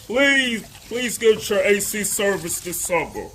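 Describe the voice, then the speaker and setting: High-voiced man stammering through a vlog. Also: lively intonation, slight background noise. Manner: halting, stammering, self-correcting; earnest and devout. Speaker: homeowner vlogger. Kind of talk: casual how-to vlog commentary. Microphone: phone.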